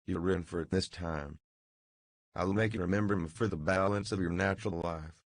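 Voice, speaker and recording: A man reading an audiobook voices a domineering, savage brothel keeper who bullies and gloats in quick, clipped bursts. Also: low voice, fairly even intonation, dry recording.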